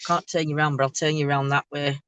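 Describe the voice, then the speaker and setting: A woman's voice: deep voice, flat delivery, quick pace, fairly bright tone, clear, resonant tone, no room sound. Chatty woman talking in a car. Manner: chatty, rambling, laughs often, lots of ums. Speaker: host of a ghost tour show. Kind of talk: casual chat from a car. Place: inside a moving car at night. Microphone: handheld camera.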